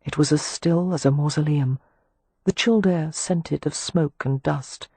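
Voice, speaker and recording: Measured audiobook narrator, woman, husky; dry booth sound. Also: sits low, dry recording. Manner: measured, even storytelling. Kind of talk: scripted narration of a historical romance.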